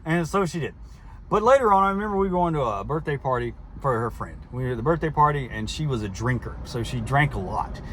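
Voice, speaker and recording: A man's voice: a little high, fairly bright tone. A man telling a personal story in a casual, rambling way, full of restarts and short laughs. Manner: rambling, frequent restarts and fillers, laughs while recounting. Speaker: host.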